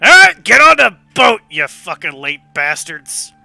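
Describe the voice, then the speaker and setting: A cranky hunchbacked old boatman, as a man puts him on for a tabletop game, barking in a high, strained voice. He sounds sharp and bright, close and dry, shouting his complaints. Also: big pitch swings, unhurried, creaky, dry recording, faint music behind, heavily acted. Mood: grumbling. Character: gruff hunchbacked old male boatman, impatient.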